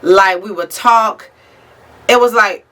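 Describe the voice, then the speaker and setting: A woman's voice: mid-range voice, slow pace, pushed and bright. A woman giving a casual tarot reading straight to the viewer, talking bluntly and swearing freely. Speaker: tarot reader. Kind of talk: casual spiritual reading to camera.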